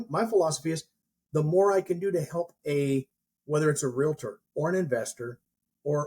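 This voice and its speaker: A man's voice: a little high, darkish tone, slightly rough. A man who works as a mortgage professional and trainer, chatting casually and telling a rambling story with frequent restarts. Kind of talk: casual podcast chat.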